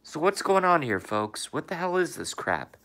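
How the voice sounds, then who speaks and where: A man's voice: fairly high pitch, sing-song, moderate pace, fairly bright tone. A man hosting a casual livestream, reading viewer comments aloud and answering them, swearing and asking emphatic rhetorical questions from indoors. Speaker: livestream host reading chat. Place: indoors, in his room.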